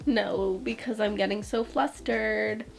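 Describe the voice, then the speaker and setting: Slow-talking gushy young woman vlogger. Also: mid-range voice, gravelly, loud music behind the voice. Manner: gushing, excitable, says "like" a lot. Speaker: book vlogger. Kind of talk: casual reading vlog chat.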